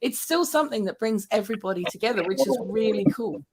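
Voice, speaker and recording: A woman co-hosting a casual livestream, chatting warmly and affectionately. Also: on the high side, animated, quick pace, crowd noise.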